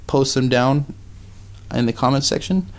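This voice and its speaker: A man with a Minnesota accent giving a casual game review with commentary, halting often with ums and uhs. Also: medium pitch, a little hiss or hum.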